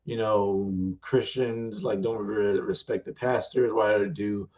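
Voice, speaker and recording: A man's voice: fairly low pitch, fairly even intonation, slow pace, a little mellow, muffled recording. A man and author talking casually about his book on a live stream, rambling and filler-heavy.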